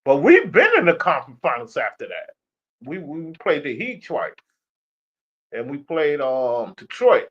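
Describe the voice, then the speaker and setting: A young man rants about basketball on a casual stream, swearing and trash-talking as he goes. His pitch climbs and falls all over, sitting a little high for a man. The audio is dull and lo-fi. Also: measured pace, slightly rough. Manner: animated, profane, trash-talking. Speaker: sports streamer. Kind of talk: casual sports rant.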